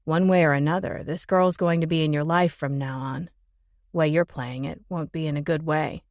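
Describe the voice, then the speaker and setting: A woman's voice: sits low, fairly even intonation, moderate pace, a little mellow, no room sound, clean studio sound, pitched below the performer's own voice. A woman voicing a blunt, mocking young male rock musician who needles his bandmate. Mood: needling. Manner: scoffing, needling.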